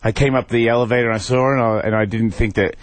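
A man as a radio guest, talking candidly in a rambling, halting way with many restarts. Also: medium pitch, steady tone, no room sound. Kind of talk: candid interview talk.

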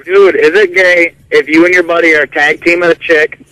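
A man's voice: on the high side, steady tone, moderate pace, pushed and bright, no room sound, poor audio. A man calling in to a radio show, asking blunt, crude questions. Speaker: radio caller. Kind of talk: call-in question.

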